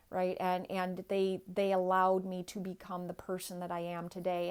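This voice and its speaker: A woman's voice: fairly low pitch, darkish tone. A woman giving an earnest, inspirational personal talk as a guest, speaking straight to the viewers.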